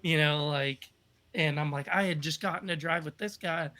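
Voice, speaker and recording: Guest storyteller: man, bright-toned and slightly high, loose and rambling with fillers. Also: moderate pace. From United States. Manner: rambling, upbeat, many fillers. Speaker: podcast guest. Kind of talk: casual storytelling.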